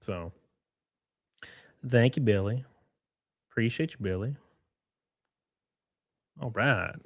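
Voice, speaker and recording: Male streamer, 30s, casual and profane, animated pitch, dead-dry recording. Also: slow, no room sound. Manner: blunt, profane, talks straight to chat. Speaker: live-stream host. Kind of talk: casual reaction commentary.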